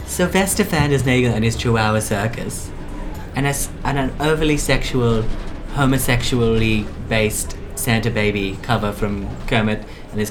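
Brief: eccentric, wheedling schemer, played by a performer, middle pitch. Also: close to an everyday voice. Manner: rambling, wheedling, grandiose. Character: eccentric scheming party planner, grandiose. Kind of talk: improvised comedy audio play.

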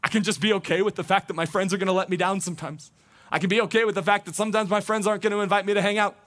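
A man, a teaching pastor, preaching a conversational sermon, acting out people's thoughts with lively shifts. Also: high voice, racing. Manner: conversational, animated, acts out quoted thoughts.

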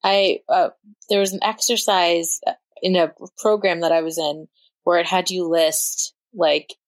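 A woman's voice: on the low side, steady tone, a little slow, no echo. A woman hosting a podcast interview, chatty and casual, leaning on "like" as she thinks aloud. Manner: chatty, filler-heavy with frequent "like", laughing easily. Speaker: podcast host.

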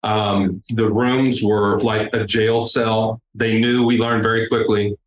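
Man telling a lively story. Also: on the low side, slow pace. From United States. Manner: animated, acts out the people in his story. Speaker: interview guest. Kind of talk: casual storytelling. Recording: roomy with faint background noise.

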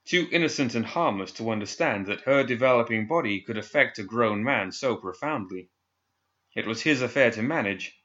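A man narrating a story in a measured, scripted audiobook style. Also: lowish voice, sharp tone. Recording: dull lo-fi recording.

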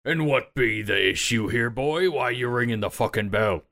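A man's voice: medium pitch, normal speed, bright, forceful tone. A man voicing a crude, blustering male pirate ship captain in pirate dialect. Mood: gruff.

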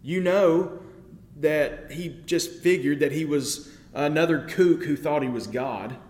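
A man's voice: on the high side, takes it slowly, darkish tone, roomy sound. A man preaching a sermon in a conversational way, often checking in with the listeners and building to emphatic peaks.

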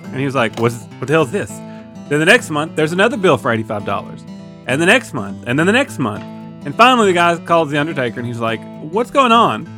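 A man co-hosting a comedy podcast, telling jokes with goofy, lively banter. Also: on the high side, fast, faint music behind. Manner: goofy, repeats silly exclamations, lively storytelling. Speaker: podcast co-host. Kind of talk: casual joke-telling banter.

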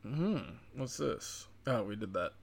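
A man tears through a casual political rant full of profanity and biting sarcasm. His voice sits at an everyday middle pitch, and he talks like he is venting to friends rather than reading a script. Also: animated, slow, gravelly, husky. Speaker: commentator.

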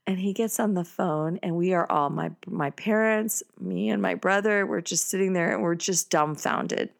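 A middle-aged woman telling a personal story in a casual, animated way, with many fillers and excited bursts. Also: fairly low pitch, measured pace, gravelly.

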